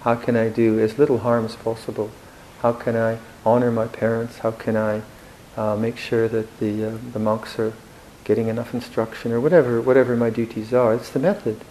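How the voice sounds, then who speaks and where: A man giving a Buddhist dharma talk in a reflective, gently humorous way, with hesitant restarts. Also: medium pitch, flat delivery, brisk, hardly any pauses, a little hiss or hum, poor audio. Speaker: Buddhist monk teacher.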